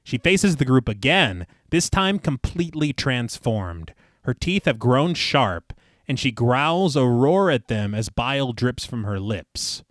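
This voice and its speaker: A man's voice: medium pitch, lively intonation, unhurried, a bit bright, no room sound, clean studio sound. A man co-hosting a horror podcast, reading the plot recap aloud and breaking off to laugh and joke. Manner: laughs often, reads the synopsis then jokes. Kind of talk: casual horror film discussion with scripted recap.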